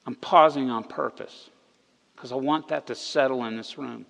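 Animated male pastor in a reverberant hall. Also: medium pitch, moderate pace, vocal fry. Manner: animated storytelling, rising emphatic on key words. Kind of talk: sermon. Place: church hall.

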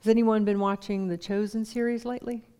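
A woman's voice: mid-range voice, flat delivery, brisk, warm tone, smooth. Lady preaching, chatty, keeps asking the congregation stuff. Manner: conversational, engaging the congregation with questions. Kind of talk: sermon.

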